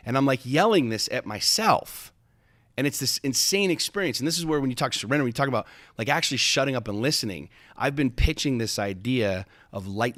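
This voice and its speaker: Animated and brisk, this mid-range, fairly bright voice belongs to a man hosting a podcast. He tells a personal story intensely and emphatically, cursing a lot and frequently starting his sentences over. No room sound is audible.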